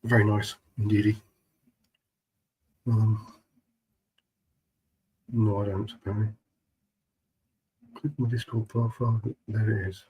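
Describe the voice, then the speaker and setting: A man's voice: fairly low pitch, level tone, takes it slowly, long pauses, a little mellow, breathy edge, low-quality recording. A man chatting casually on a live stream, greeting viewers and reading their messages in a laid-back, chummy way, keeping his voice down.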